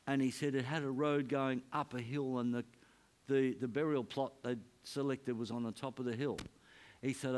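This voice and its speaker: A man preaching a sermon, telling a story in an earnest, soft-spoken way. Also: medium pitch, flat delivery, moderate pace. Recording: music playing behind.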